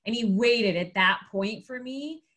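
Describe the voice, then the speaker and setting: A woman speaking as an interview guest, telling a story in a casual, animated way, acting out quotes and using lots of fillers. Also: a little high, a little slow.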